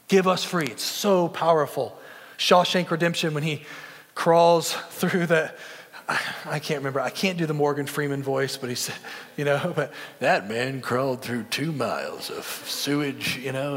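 A man's voice: fairly high pitch, moderate pace, a bit bright. A young man preaching a sermon in an earnest, conversational way. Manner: earnest, conversational with film references. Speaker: pastor. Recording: long hall reverb.

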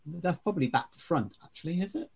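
A man's voice: on the high side, animated, quick pace, creaky, background noise. A man reading scripture and preaching in a conversational way, with hesitant fillers. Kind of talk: Bible reading and sermon.

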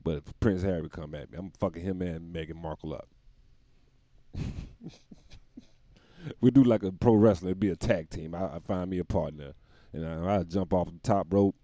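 A man's voice: sits low, normal speed, long pauses, warm tone, no room sound. A man delivering a rambling, profane comic monologue, often laughing at his own jokes.

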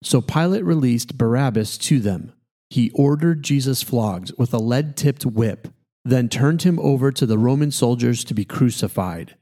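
Mellow-voiced pastor reading scripture. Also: male voice, medium pitch. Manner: steady, measured reading.

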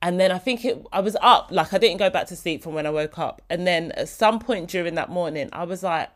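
A woman's voice: lowish voice, animated, quick pace, hardly any pauses, fairly bright tone. A young woman, hosting a casual solo podcast in a chatty, heartfelt way. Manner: chatty, heartfelt, slips into quoted voices. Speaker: podcast host.

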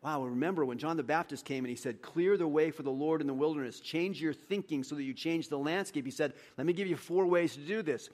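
Animated preacher man with a higher voice. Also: fairly quick, few pauses. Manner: animated preaching, voice rising high and loud for emphasis, then dropping quiet; acts out dialogue with his congregation. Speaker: pastor. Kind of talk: sermon.

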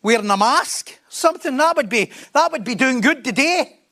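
A man's voice: very high-pitched, animated, moderate pace, pushed and bright. A man preaching a sermon in a conversational way, often laughing and joking at his own expense.

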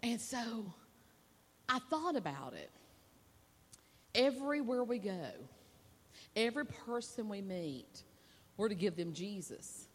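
A woman preacher telling a folksy, animated story in a sermon at a women's conference, laughing and acting out the voices. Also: medium pitch, takes it slowly, long pauses, slightly rough. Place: stage at a women's conference with a hall's reverb. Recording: long hall reverb.

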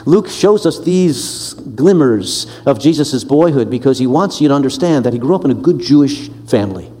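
A man's voice: medium pitch, expressive, normal speed, dark tone, big-room sound. A man teaching a Bible lesson in an earnest, emphatic way, sometimes restarting his words.

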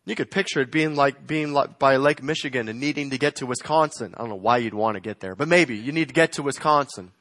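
A man preaching a sermon, swinging between loud emphatic lines and quiet, slowed phrases. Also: mid-range voice, no room sound. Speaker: pastor.

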